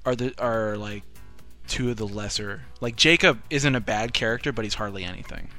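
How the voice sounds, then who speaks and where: A man with a bright, forward tone chats casually about a game, relaxed and easygoing. He trails off now and then and tosses in short remarks, with faint music behind. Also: fairly low pitch, moderate pace. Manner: laid-back, chuckling, trailing off.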